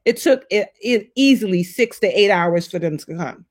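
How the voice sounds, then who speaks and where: A woman in her forties telling personal stories in a casual, heartfelt conversation, acting out what people said with big pitch jumps. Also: normal speed. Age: 40s. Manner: animated storyteller, acts out voices with big pitch jumps.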